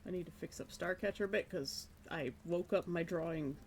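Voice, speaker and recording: A woman's voice: on the low side, brisk, slight background noise. A woman streaming live, chatting casually while she draws, musing and self-deprecating about her work. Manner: musing, self-deprecating, breaks into light laughs.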